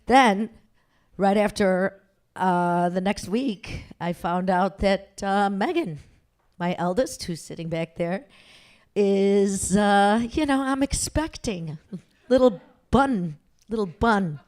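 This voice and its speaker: A woman's voice: mid-range voice, takes it slowly, a little mellow, smooth. A middle-aged woman telling a personal story on stage before a live audience, chatty and self-mocking, laughing as she goes.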